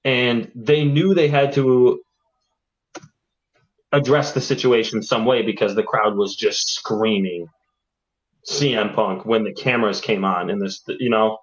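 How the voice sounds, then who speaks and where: Excited man hosting a chat, lo-fi sound. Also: fairly low pitch, unhurried. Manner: excited storyteller, swears freely. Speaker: podcast host. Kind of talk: casual chat. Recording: dull lo-fi audio.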